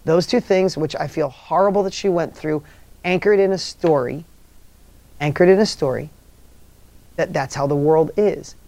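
A man's voice: a little high, normal speed, vocal fry, long pauses, darkish tone, dry recording. A man leading a motivational workshop, telling stories emphatically and repeating key phrases to the audience. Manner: asks the audience rhetorical questions. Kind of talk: motivational seminar talk.

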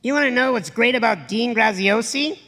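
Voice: mid-range voice, normal speed, gravelly, pushed and bright, long reverb tail. A motivational speaker giving a live stage talk to an audience, blunt and profane, emphatic, acting out quoted voices.

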